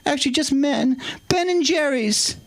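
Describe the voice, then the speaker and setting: A man putting on an impression of a haughty, regal elderly queen in a mock-posh voice during a stand-up set. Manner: shrill, drawn-out, mock-posh.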